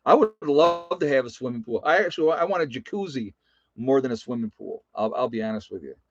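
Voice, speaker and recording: A man's voice: medium pitch, brisk, dull audio, noisy background. A man hosting a casual livestream, reading out viewer comments and chuckling often. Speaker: livestream host.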